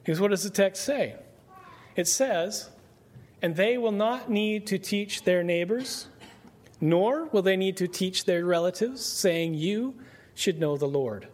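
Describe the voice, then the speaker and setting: With a high-pitched, expressive voice, a man delivers a conversational Bible-study sermon. He throws rhetorical questions at his listeners and slows down to read scripture aloud.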